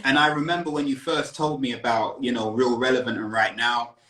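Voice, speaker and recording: A man from South London, a guest on a casual live stream, telling stories with lively acted-out asides from his living room over a phone video call. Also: medium pitch, fairly quick, echoey room, a little hiss or hum, poor audio. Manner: animated storyteller, acts out his own thoughts. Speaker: guest, musician and firefighter. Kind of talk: casual interview chat.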